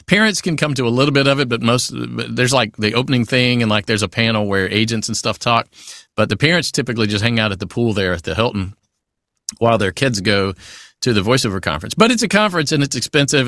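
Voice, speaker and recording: A man, a voice actor guest in a casual interview, giving advice in a chatty, animated way with many asides. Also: on the low side, no room sound, studio quality.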